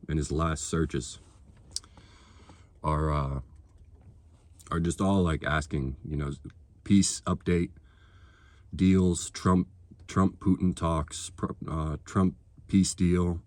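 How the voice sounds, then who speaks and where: Low-voiced male vlogger, fired-up and foul-mouthed, sarcastic rant, dead-dry room. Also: steady tone, takes it slowly, pauses often, darkish tone, dry recording. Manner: heated, profane, sarcastic. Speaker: political vlogger. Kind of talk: ranting monologue to camera.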